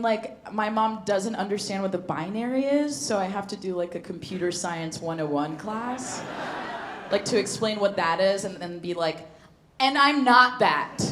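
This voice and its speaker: A comedian doing a surreal stand-up set on a club stage, deadpan between sudden shrieks and giggles. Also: female voice, medium pitch. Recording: roomy club with audience noise.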